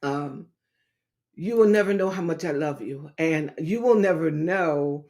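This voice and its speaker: A woman's voice: deep voice, mellow. A woman hosting a talk show, speaking to her audience in a heartfelt, preacherly way about healing and her book. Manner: slow, preacherly, addresses listeners as baby and saints. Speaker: talk show host and author.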